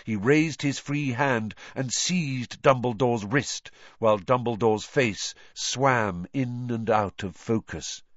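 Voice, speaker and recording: A man narrating a novel as an audiobook, reading with expressive, dramatic storytelling. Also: medium pitch, slow pace, hardly any pauses, no room sound, dull audio.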